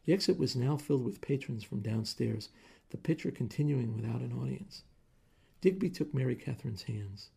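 Man, audiobook narration, measured, gravelly, husky. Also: medium pitch, animated, dark tone. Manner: measured storytelling.

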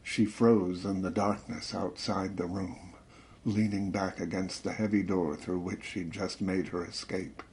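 A man narrating a suspense story in a measured, dramatic reading that slows and drops to a hush at tense moments. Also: sits low, little pitch movement. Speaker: audiobook narrator.

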